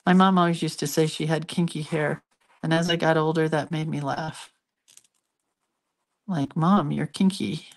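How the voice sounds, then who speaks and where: A chatty, giggly older woman with a slightly low voice, talking easily to her viewers while she draws. She tells little family stories and drifts into asides. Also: level tone, normal speed, long pauses. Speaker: hand-lettering artist hosting a live stream. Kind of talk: casual live-stream chat while drawing.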